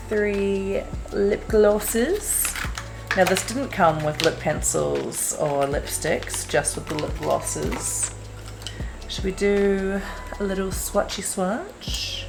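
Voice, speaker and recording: A woman's voice: lowish voice, takes it slowly, creaky, music in the background, rough recording. A woman chatting casually as she unboxes and reviews a makeup collection, gushing and self-deprecating. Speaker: beauty vlogger.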